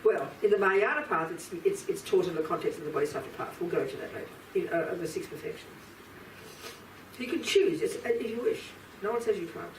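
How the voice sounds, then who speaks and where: Woman teacher addressing a room, direct and forceful; roomy, distant mic. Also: on the low side, fast, a little hiss or hum. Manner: blunt, emphatic, talks straight to listeners. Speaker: Buddhist teacher. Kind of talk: live dharma lecture to an audience. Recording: roomy hall from a distance, faint ambience.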